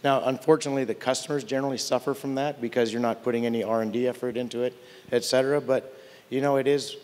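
A man's voice: mid-range voice, steady tone, fast, darkish tone. An older man on a technology panel, telling candid, wry stories and often restarting his sentences. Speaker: tech panelist. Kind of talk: conference panel storytelling. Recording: long hall reverb.

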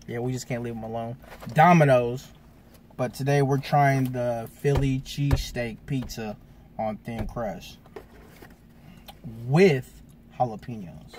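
A man's voice: medium pitch, measured pace, long pauses, a little mellow. Man, mukbang host, casual slangy chat, faint background noise. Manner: slangy, hyped greetings to viewers. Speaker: food review host.

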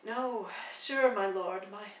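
A woman's voice: mid-range voice, fairly bright tone, reverberant, recorded from a distance, poor audio. Woman reading as a teasing, witty noblewoman. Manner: quick, teasing banter. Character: witty, sharp-tongued noblewoman, mocking suitors. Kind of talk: dramatic play reading. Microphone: phone livestream.

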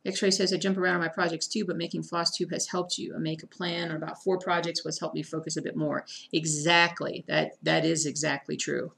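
Casual woman streamer with a slightly low, gravelly voice, chatting to viewers and muttering to herself. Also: little pitch movement, fairly quick, few pauses, a bit bright. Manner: chatty, self-deprecating, talks to chat, mutters to herself. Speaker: cross-stitch streamer. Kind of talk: casual live-stream chat while stitching.

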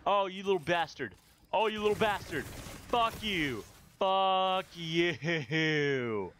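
High, lively man raging at a game. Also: moderate pace, a little hiss or hum. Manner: swearing, yelling outbursts at opponents. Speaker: gaming video host. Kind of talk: live gameplay commentary.

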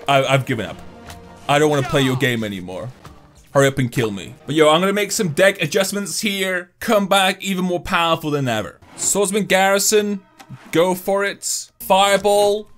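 Young male gaming commentator, slightly high voice, excitable and sweary, faint background music. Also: normal speed. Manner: excitable, swings between hype and grumbling, swears. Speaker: gaming YouTuber. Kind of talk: gameplay commentary.

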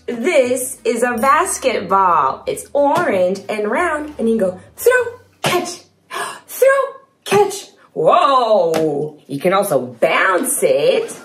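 Slow, sing-song woman talking to toddlers. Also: fairly high pitch, background noise. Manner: bouncy, exaggerated and playful, with sound effects. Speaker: toddler video host.

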